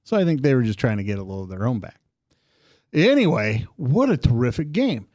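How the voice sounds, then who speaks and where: Animated man telling a story. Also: brisk, dry recording, studio quality. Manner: animated storytelling, lively pitch swings. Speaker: co-host. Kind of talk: casual political radio chat. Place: studio.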